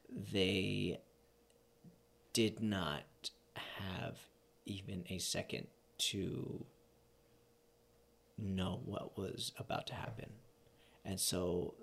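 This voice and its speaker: A man's voice: low voice, gravelly, a bit bright. A drunk man co-hosting a podcast in casual chat, hesitant and full of fillers, swearing now and then. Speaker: podcast co-host.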